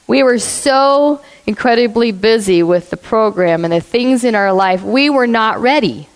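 A woman telling a story in a sermon, blunt and animated, acting out what people said. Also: fairly high pitch, a little slow. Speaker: church speaker. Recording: long reverb of a hall.

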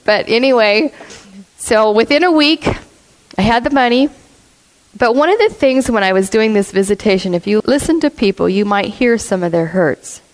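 A woman telling a story in a sermon, blunt and animated, acting out what people said. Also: fairly high pitch, normal speed. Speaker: church speaker. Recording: long reverb of a hall.

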